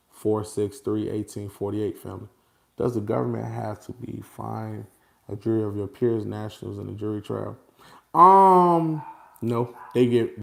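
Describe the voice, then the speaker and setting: A man talking casually and without a script to his followers, animated and repetitive, often breaking into laughter. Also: on the low side, creaky. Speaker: vlogger addressing his followers. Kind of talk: casual unscripted monologue.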